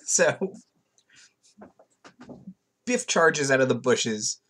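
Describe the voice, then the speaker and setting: A man runs a tabletop game, narrating what happens with lively description. His voice sits at a middling pitch. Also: very slow. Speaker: game master.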